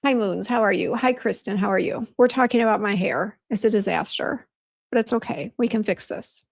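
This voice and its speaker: Her voice is medium in pitch, a little fast, and creaky. She's a beauty brand host running a relaxed livestream, chatting and venting as she reads out comments from viewers.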